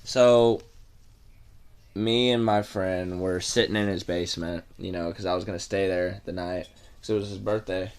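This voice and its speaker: A young man tells a storytime in a loose, rambling way, full of fillers and offhand swearing. His voice sits on the low side. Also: fairly even intonation, normal speed, darkish tone, clear, resonant tone. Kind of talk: casual storytime vlog.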